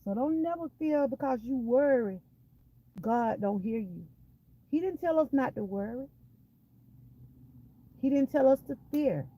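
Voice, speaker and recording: A woman's voice: sits high, animated, a little slow, pauses often, dull audio. A woman with a Southern US accent from Georgia, giving an emphatic personal faith testimony and repeating phrases for weight. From Georgia, USA. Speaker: vlogger sharing a testimony.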